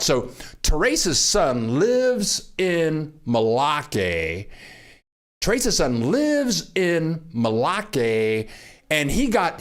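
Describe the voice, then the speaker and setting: An older man hosting a casual livestream from Mexico, greeting viewers by name and getting excited over their messages. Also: mid-range voice. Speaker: livestream host. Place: home in Mexico.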